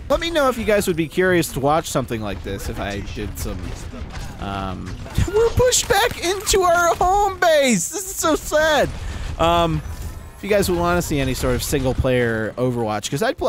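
A man giving live gameplay commentary as a channel host, excitable, swearing and yelling at the game. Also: medium pitch, fairly quick. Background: game music and sounds.

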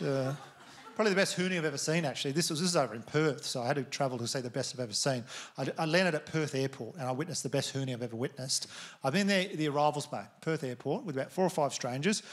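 An Australian comedian in his thirties works a live theatre crowd with a stand-up set of rambling, swear-laden stories. His voice is a little high and a bit bright, with a slight hiss or hum in the recording.

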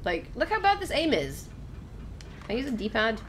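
A woman's voice: fairly high pitch, wildly swooping pitch, normal speed, background noise. A young woman casually commenting on a video game she is playing, chatting to viewers and exclaiming at what happens on screen. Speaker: let's play host. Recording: game sound clearly behind voice. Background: game ambience.

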